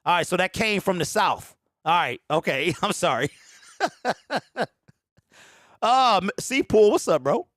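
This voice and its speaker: A man in his forties hosting a casual sports fan show, reading viewer comments aloud, animated and quick to laugh as he talks straight to his audience. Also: high-pitched, dry recording, clean studio sound. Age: 40s.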